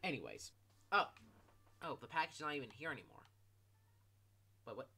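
A young man doing gameplay commentary, animated, profane and full of jokes, with sudden shouts. His pitch swings widely and his tone is very bright and sharp. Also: fairly quick. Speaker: gaming YouTuber.

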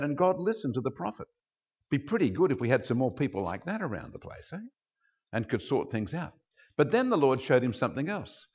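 Animated pastor preaching. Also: male voice, brisk, breathy edge. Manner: animated, acts out quoted speech with big pitch jumps. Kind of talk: sermon. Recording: dull lo-fi sound.

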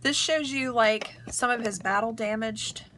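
A woman's voice: a little high, measured pace, sharp tone, a little hiss or hum. A young woman chatting casually to camera about a book, enthusiastic and full of fillers like "um" and "like". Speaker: vlogger reviewing a book. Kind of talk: casual book review chat. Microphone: camera mic.

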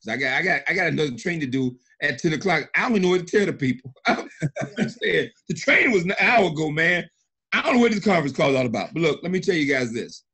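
Animated, emphatic man on a conference call. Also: a little high, fast talker, husky. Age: middle-aged. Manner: animated, emphatic, repeats himself. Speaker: senior partner and mentor. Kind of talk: excited conference-call praise.

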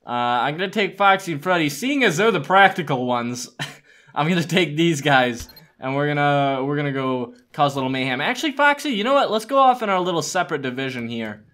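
A man giving let's-play commentary on a game, excitable, yelling and laughing at the action. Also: on the high side, fairly quick. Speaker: gaming YouTuber.

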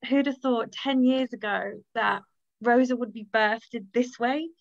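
A woman's voice: fairly high pitch, fairly even intonation, measured pace, vocal fry, no echo. An Irish woman hosting her own book launch on a video call, speaking in a gushing, grateful way and laughing often. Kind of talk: emotional casual talk on a video call. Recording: dull lo-fi video call audio.

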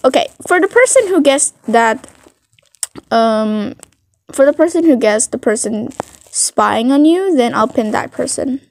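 A woman's voice: high-pitched, expressive, measured pace, a little mellow, a little hiss or hum. Rambling young woman narrating a fan story. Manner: rambling, filler-heavy, giggly. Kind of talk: casual improvised storytelling.

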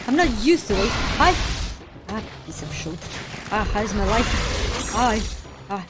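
A woman playing a video game, reacting excitably and cheering on the character. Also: mid-range voice, normal speed, long pauses, heavy background noise. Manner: excitable, exclaiming, talks to the character. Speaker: gamer streamer. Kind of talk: live gameplay reactions. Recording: voice over loud game music.

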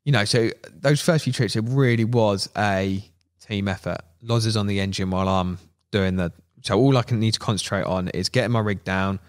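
A man telling a fishing story as a podcast guest, animated, laughing and acting out what people said. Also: fairly low pitch, moderate pace, few pauses. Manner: animated, laughing, acts out quotes. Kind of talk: casual storytelling.

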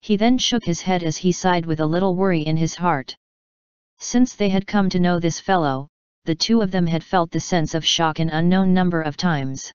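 A woman with a low, exceptionally smooth and clear voice reads a fantasy novel with steady, even pacing. The sound is dry with no room echo, on a somewhat dull, lo-fi recording. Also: normal speed. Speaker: audiobook narrator. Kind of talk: scripted fantasy novel narration.

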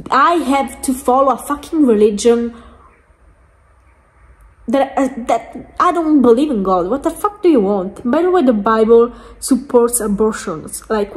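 A woman vlogging from home, ranting angrily with lots of swearing and emphatic repeats. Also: a little high. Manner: angry, profane, emphatic ranting. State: angry. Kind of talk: ranting vlog chat. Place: lying down at home.

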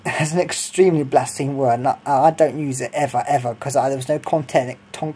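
A man's voice: a little high, a little mellow, husky. A young man from Sussex, telling stories in a rambling, hesitant way with lots of ums and giggles. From Sussex, England. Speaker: vlogger. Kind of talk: casual storytelling.

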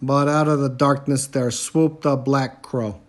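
A man reading a children's picture book aloud, halting often with small fillers. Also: medium pitch, steady tone. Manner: slow and halting, frequent "uh" fillers. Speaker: storybook reader.

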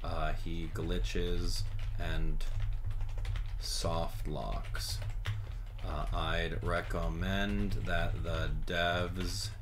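Teasing his chat and joking as he plays, this young man streams a video game with casual commentary and quick shifts in mood. His voice sits low with a flat delivery, and there's background noise.

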